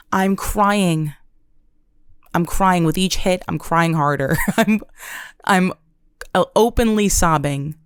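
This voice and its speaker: A young adult woman hosting a podcast, telling a comedic monologue with deadpan, dramatic exaggeration. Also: mid-range voice, no room sound, studio quality. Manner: deadpan, dramatic storytelling with self-mocking exaggeration. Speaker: podcast host.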